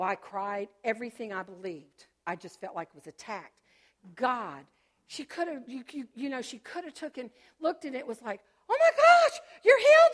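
Middle aged woman giving her church testimony, animated, loud praise then quiet, storytelling. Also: medium pitch. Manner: animated storytelling, bursting into joyful shouts. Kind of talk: personal faith testimony.

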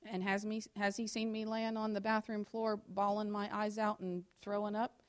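A woman teaching a sermon to her congregation. She reads scripture slowly and loudly, then drops to quiet, quick asides and direct questions. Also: level tone, clear, resonant tone. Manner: swings between loud emphatic scripture reading and low confiding asides; talks straight to the congregation with questions. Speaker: church teacher in ministry with her pastor husband. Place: in front of a church congregation.

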